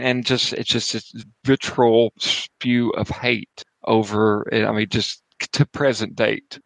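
A man narrating as game master of a tabletop horror game at home, casual and halting, restarting his sentences as he goes. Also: medium pitch, little pitch movement, gravelly, fairly bright tone, no room sound, poor audio.

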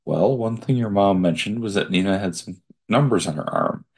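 A man reading the lines of a calm, soft-spoken male researcher in a gentle, steady way. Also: on the low side, moderate pace, gravelly, slightly rough.

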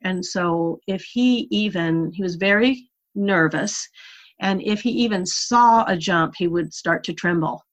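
A woman guest in an interview, telling a story in a lively, animated way. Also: on the low side, measured pace. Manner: animated storyteller, laughs while recalling. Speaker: interview guest, horse rider.

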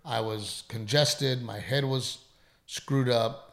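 Middle-aged male comedian, gravelly voice, candid and emphatic, swears a lot. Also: medium pitch, steady tone, slow. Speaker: comedian and podcast co-host. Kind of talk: casual storytelling chat.

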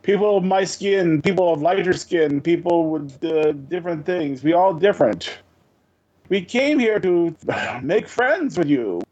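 A man's voice: high voice, animated, a little mellow, dull audio. A man voicing a blunt, plainspoken male soldier in a tabletop game. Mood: earnest. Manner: plainspoken, halting.

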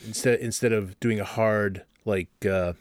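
A man's voice: fairly low pitch, steady tone, a little slow, dry recording. A man co-hosting a podcast, talking casually with many restarts and fillers. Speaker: podcast co-host. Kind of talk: casual chat.

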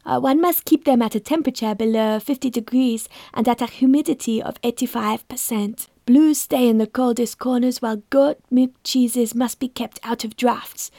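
A woman's voice: fairly high pitch, normal speed, hardly any pauses, warm tone, no echo, studio quality. A woman doing a suave cheese master. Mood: fussy, seductive. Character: suave slim Frenchman, cheese expert, grand temperament.

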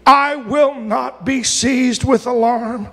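A male pastor preaching a sermon, reading scripture aloud and building to repeated shouted lines. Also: very high voice, fairly even intonation, takes it slowly. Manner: preaching with rising shouts and repetition. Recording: long reverb of a hall.

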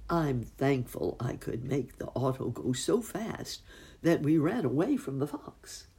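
A woman voicing a kindly, cheerful old rabbit gentleman in a storybook reading. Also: very deep voice, very animated, measured pace, husky, full character voice.

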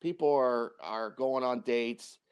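A man working as a dating coach, answering interview questions in a lively, profane way and often laughing. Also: mid-range voice, slow, clean tone.

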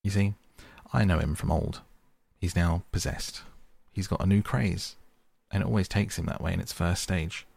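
A man voicing a hot-tempered male water rat in a storybook reading, shouting indignantly and speaking firmly. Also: deep voice, moderate pace, creaky, slightly rough, dry recording, full character voice. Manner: indignant shouting, then firm and stern.

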